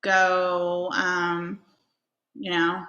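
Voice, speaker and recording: A woman's voice: lowish voice, monotone, very slow, sharp tone, highs cut off. A woman host talking casually and animatedly, telling personal stories with lots of fillers. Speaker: podcast host. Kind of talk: casual motivational monologue. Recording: echoey room.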